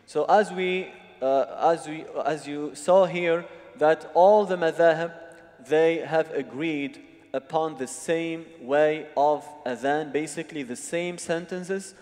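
A man's voice: a little high, takes it slowly, darkish tone. A man teaching a religious seminar, explaining step by step and often checking that the audience follows. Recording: long hall reverb.

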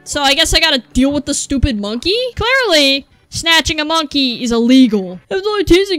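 A young woman giving excited commentary while playing a video game, yelling at the screen and muttering to herself. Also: sits high, normal speed, hardly any pauses, dry recording. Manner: animated, yelling at the game, swings from mutters to shrieks. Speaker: gameplay streamer. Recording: faint game music behind.

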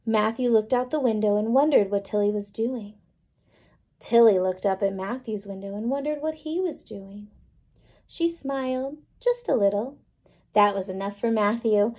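A woman teacher reading a picture book to children, gently explaining and checking in with little questions. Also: on the high side, moderate pace, rough recording. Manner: gentle, checks in with "right?" and "okay?".

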